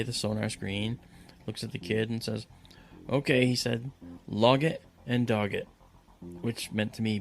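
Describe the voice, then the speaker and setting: A man's voice: mid-range voice, vocal fry. A man telling a personal story dramatically, acting out the voices of the people in it, with many fillers and restarts. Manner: acts out voices in quotes, halting with fillers.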